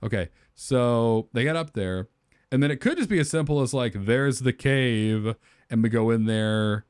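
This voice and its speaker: A man's voice: mid-range voice, moderate pace, clear, resonant tone, dry recording, studio quality. A man co-hosting a podcast, brainstorming a movie plot in casual chat and acting out the characters' lines as he goes. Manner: animated storyteller, acts out characters' lines. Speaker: podcast co-host.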